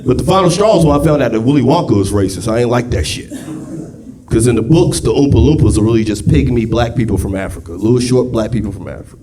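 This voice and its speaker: A man performing a stand-up comedy routine on a club stage, animated and loose. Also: medium pitch, fast talker, slight background noise. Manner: animated, with jive voice impressions. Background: audience laughter.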